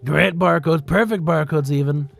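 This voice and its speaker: A man's voice: a little high, moderate pace, creaky, fairly bright tone, faint music behind. A young man streaming, telling a work story in a rambling, profane way, with frequent laughs and restarts.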